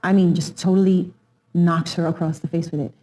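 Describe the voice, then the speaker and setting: A middle-aged woman recalling family events in a documentary interview, animated, acting out quotes and laughing often. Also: on the low side, fairly quick, slight background noise.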